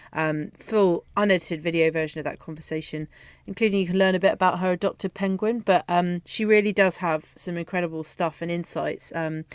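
A woman's voice: lowish voice, clear, resonant tone, no room sound. A woman co-hosting a sports show, chatting casually through the news with frequent ums and easy laughter.

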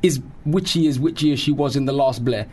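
A man's voice: medium pitch, a little fast, dark tone. A man co-hosting a radio show in a studio, playful and teasing with jokey asides. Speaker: radio co-host. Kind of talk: casual radio banter.

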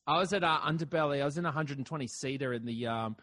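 A comedian from Australia chatting casually, rambling and self-deprecating, swearing now and then. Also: male voice, on the high side, quick pace, bright, forceful tone. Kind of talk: casual chat.

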